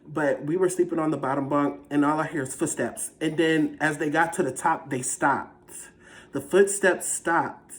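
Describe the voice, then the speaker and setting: A vlogger casually telling a personal story in a dramatic, animated, slangy way. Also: mid-range voice, normal speed. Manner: slangy, conversational.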